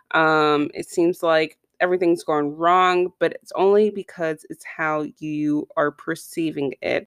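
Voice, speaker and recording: Low-voiced woman giving casual pep talk. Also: smooth, no echo, clean studio sound. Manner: conversational, addresses listeners directly with repeated asides.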